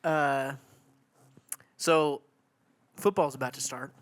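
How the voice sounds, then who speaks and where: A man's voice: medium pitch, steady tone, slow pace, smooth. A young man co-hosting a podcast in a laid-back casual chat, laughing often and filling with "like". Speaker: podcast co-host.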